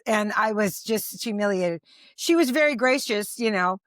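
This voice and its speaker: A woman's voice: medium pitch, animated, moderate pace, dry recording. Chatty older woman telling stories. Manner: rambling, frequent restarts and fillers. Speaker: stand-up comedian guest. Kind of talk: casual anecdotal storytelling.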